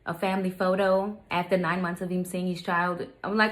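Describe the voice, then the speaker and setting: A woman's voice: lowish voice, level tone, a little fast, hardly any pauses, fairly bright tone, low-quality recording. Heated woman telling a story. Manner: emphatic, heated, many fillers. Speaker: vlogger, stepmother. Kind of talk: casual storytime vlog.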